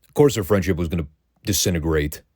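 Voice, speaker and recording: A man's voice: low voice, fast talker, darkish tone, dry recording, clean studio sound. A man hosting a review podcast, ranting in a sarcastic, profane way. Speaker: podcast host reviewing wrestling.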